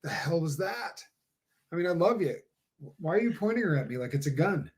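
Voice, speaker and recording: A man's voice: a little high, big pitch swings, brisk. A man with a Southern US accent co-hosting a casual livestream, with dry, teasing banter. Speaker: livestream co-host.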